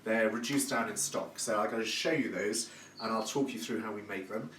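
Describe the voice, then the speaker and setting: In an echoey home kitchen, picked up by a distant mic along with background noise, a man runs a live cooking demo. He's chatty and effusive and full of praise, and his voice is on the low side, fairly bright in tone and a little fast.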